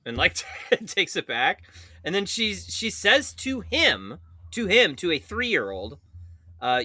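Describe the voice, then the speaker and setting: A man in his thirties co-hosting a podcast, telling a story with a very bright, ringing voice and a lively pitch that jumps around. He laughs often and swears freely, and the sound is dry and close to the mic. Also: slow pace, dry recording. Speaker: podcast co-host. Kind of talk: casual podcast chat.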